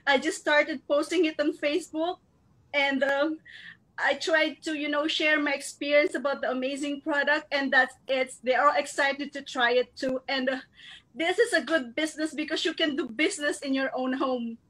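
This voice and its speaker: A woman from the Philippines speaks in a high, bright register. She gives an earnest, heartfelt testimonial at a recognition event, working to keep her tears back as she speaks. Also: fairly even intonation, moderate pace, poor audio. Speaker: marketing director giving a recognition speech. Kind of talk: emotional testimonial speech.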